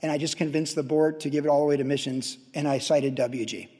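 A man preaching a sermon, telling a story with sudden loud excited peaks between quiet stretches. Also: fairly high pitch, fast talker, slightly rough, long reverb tail. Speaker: pastor.

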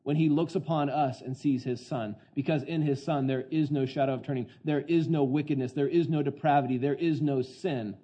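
A man preaching an expository sermon in an excitable, conversational way, often putting questions to the congregation. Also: on the high side, brisk, hardly any pauses, husky, highs cut off. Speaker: pastor.

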